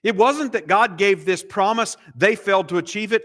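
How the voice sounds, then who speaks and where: A man's voice: high-pitched, normal speed, few pauses, a bit bright. A middle-aged man preaching an expository sermon as pastor, asking rhetorical questions and repeating key phrases for emphasis. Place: church sanctuary.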